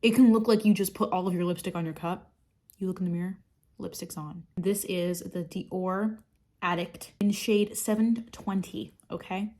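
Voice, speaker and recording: A makeup vlogger chats casually through her get-ready-with-me routine, rambling, sarcastic and swearing freely. Her lowish voice is warm, with fairly even intonation at normal speed.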